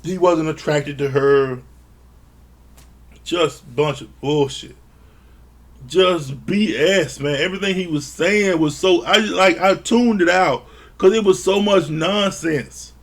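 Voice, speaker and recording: A man's voice: sits high, unhurried, a bit bright. A man recapping a reality show in a casual, blunt and profane way, sounding exasperated. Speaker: show reviewer.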